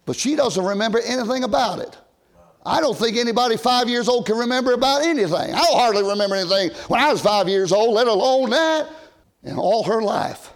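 Older male preacher, high voice, old-time sermon, loud then hushed, church pulpit. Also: creaky. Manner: swings from loud shouted emphasis to low quiet asides. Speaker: pastor.

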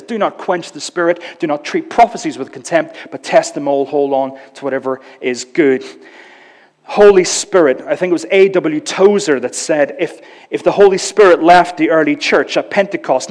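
A man delivers a lively, conversational sermon, slipping into different voices for quotes and adding light humor. His voice sits a little high for a man. The sound rings with the long reverb of a church hall. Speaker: preacher.

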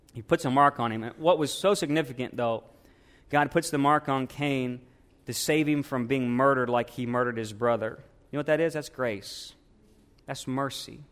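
A man preaching a sermon, swinging from hushed, earnest asides to emphatic, building lines. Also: fairly high pitch. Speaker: pastor.

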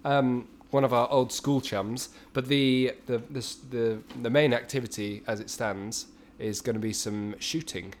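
A man's voice: mid-range voice, steady tone, unhurried, few pauses, slight background noise. A man co-hosting a podcast, rambling playfully and often restarting his sentences. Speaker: podcast co-host. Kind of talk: casual chat.

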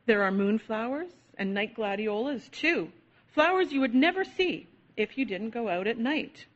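A wise, kindly owl , as a woman reads her part, talks in a calm, teacherly way. The voice sits fairly high. It comes through a dull, lo-fi recording. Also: normal speed, close to an everyday voice. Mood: musing.

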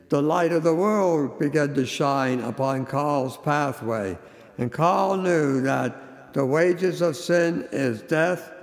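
A man preaching a sermon as a story, with a slow, emphatic, dramatic delivery. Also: on the high side, creaky. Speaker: radio preacher. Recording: long hall reverb.

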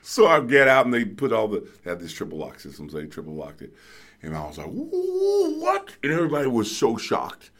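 A middle-aged man telling a story as a guest in casual chat, excitable and halting, acting out voices and sounds. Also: lowish voice.

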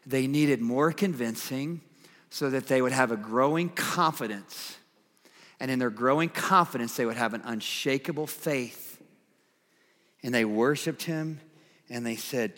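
A man preaching a sermon, reading scripture and acting out its voices, swinging between emphatic highs and quiet, earnest lows. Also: a little slow, big-room sound.

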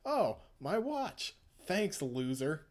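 A gloating, sneering grown villain who taunts a child with mock cheer , as a man puts him on in a casual recap. The voice sits well above the speaker's own and jumps around as he jeers. It has a quick, mocking delivery. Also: high voice, expressive, darkish tone, pitched above the performer's own voice. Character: gloating adult male villain taunting a boy.

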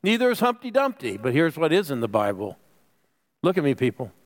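A man's voice: a little high, wildly swooping pitch, fairly quick. A man preaching a sermon with lots of energy, calling on the congregation to answer back and sometimes dropping to a whisper for emphasis. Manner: calls for audience responses. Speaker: pastor.

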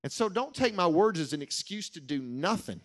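A middle-aged man preaching a sermon, telling a personal story in an earnest way and slowing down to stress key lines. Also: a little high, sing-song.

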